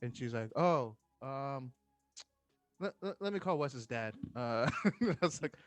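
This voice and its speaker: A man's voice: medium pitch, lively intonation, takes it slowly, dry recording, soft background music. A man in his thirties, a firefighter guest, telling a story in casual chat and acting out the voices of the people in it.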